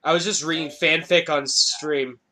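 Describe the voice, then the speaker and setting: A man's voice: fairly high pitch, fairly even intonation, moderate pace, bright, forceful tone. A man co-hosting a gaming podcast, joking around casually and swearing freely. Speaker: podcast co-host and streamer. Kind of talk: casual chat.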